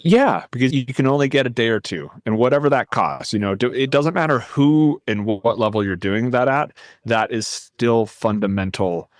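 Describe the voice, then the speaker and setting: A man talking as a podcast guest, animated and rambling, often cutting himself off to restart a thought. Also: medium pitch, normal speed, few pauses, no room sound, clean studio sound. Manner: animated, rambling, self-interrupting. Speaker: guest, nonprofit founder. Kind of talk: casual podcast conversation.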